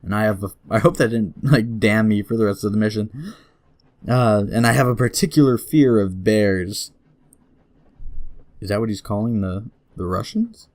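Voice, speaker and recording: A man playing a story game, reading its text aloud and chuckling, then dropping quick casual asides. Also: fairly low pitch, a little mellow. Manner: giggly, laughs often while reading; reads story passages slowly, then mutters quick asides. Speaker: let's play gamer.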